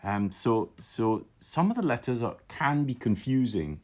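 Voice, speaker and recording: A man's voice: medium pitch, big pitch swings, a little slow, a little mellow. A man teaching calligraphy on a live stream, musing aloud with enthusiasm, often restarting his sentences. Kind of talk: live-streamed lesson, casual commentary.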